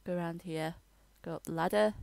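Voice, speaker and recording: A woman rambling through a casual game voiceover, halting and restarting as she tours her builds. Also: on the low side, fairly even intonation, creaky, a little mellow, no echo. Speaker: gamer giving a tour.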